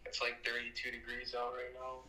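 Man, casual podcast chat, laid-back, casual swearing, monotone delivery, very bright tense tone. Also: medium pitch, brisk, rough recording.

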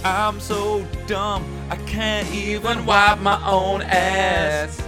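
A man putting on a high, slow, whiny voice to mock a dim-witted man. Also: fairly even intonation, loud music behind the voice. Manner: high, slow, mocking whine.

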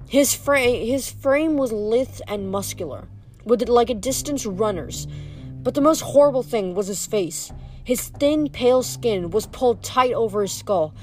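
A woman reading a novel aloud, steady, with small stumbles over words now and then. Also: fairly high pitch. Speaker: reader.

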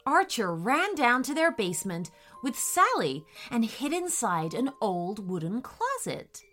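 A woman's voice: mid-range voice, a little slow, few pauses, soft background music. A woman hosting and narrating children's storybook stories, upbeat and speaking straight to the kids. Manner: upbeat, lively, addressing kids directly. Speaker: host and storyteller.

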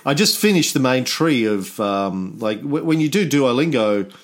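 A man's voice: mid-range voice, expressive, moderate pace. Male podcast host, mid-range voice, loose rambling delivery with casual swearing. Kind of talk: casual chat.

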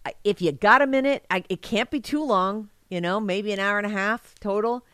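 A woman's voice: mid-range voice, normal speed, fairly bright tone, smooth, dry recording. Chatty, enthusiastic woman podcast host. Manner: enthusiastic, rambling, laughs often. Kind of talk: casual crude comedic chat.

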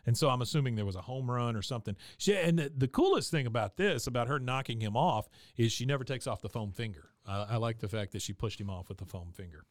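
A man's voice: expressive, quick pace, hardly any pauses, no room sound, studio quality. A man casually recapping a cartoon episode on a podcast, narrating scenes and briefly voicing the characters' lines. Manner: retells scenes, acting out character lines with raised pitch; frequent fillers and restarts while narrating. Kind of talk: casual chat.

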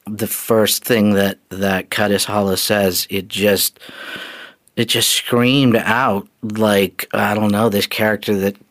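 A man, a guest actor, speaking slowly and thoughtfully about a role. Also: lowish voice, little pitch movement, fairly bright tone, no room sound. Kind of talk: interview clip.

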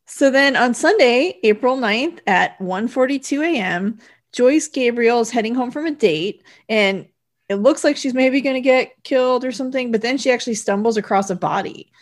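A woman's voice: a little high, moderate pace. A woman in casual chat, walking through a film's plot step by step with dates and times. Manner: steady plot summary, reads out dates and times. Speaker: podcast co-host. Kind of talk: casual chat recapping a film.

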